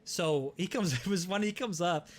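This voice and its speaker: A young man hosting a podcast, telling a story in a casual, animated way, swearing often and restarting his sentences. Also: high-pitched, moderate pace. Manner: animated, profane, many restarts. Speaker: podcast host.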